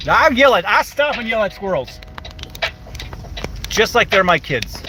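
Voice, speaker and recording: A man's voice: high-pitched, big pitch swings, measured pace, pauses often, background noise. An older man rambling in a casual live-stream chat while driving, swearing freely and talking to his viewers by name.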